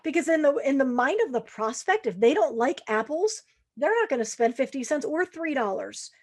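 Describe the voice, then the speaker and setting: A middle-aged woman coaching salespeople on a podcast, in a slightly higher voice. She talks casually and slips into the voices of prospects and salespeople to make her points. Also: big pitch swings, moderate pace. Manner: conversational, acts out quoted lines of prospects. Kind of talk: podcast sales advice monologue.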